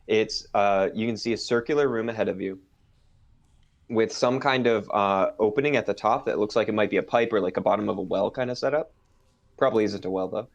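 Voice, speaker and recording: A man narrating as game master, pausing often with ums and uhs. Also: fairly low pitch, vocal fry, lo-fi sound. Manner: hesitant, full of ums and uhs. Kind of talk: narrating a tabletop game stream.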